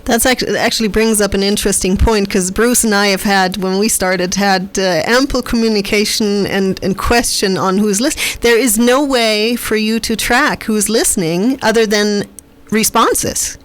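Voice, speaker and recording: A woman's voice: medium pitch, moderate pace. A woman co-hosting a talk radio show, asking the guest questions in a conversational way. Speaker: radio co-host. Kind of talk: casual radio interview.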